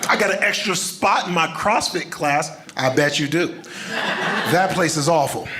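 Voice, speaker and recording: High-voiced man doing animated stand-up. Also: moderate pace. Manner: animated, with loud bursts. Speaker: stand-up comedian. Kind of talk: stand-up routine. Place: comedy stage with audience. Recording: noisy live recording.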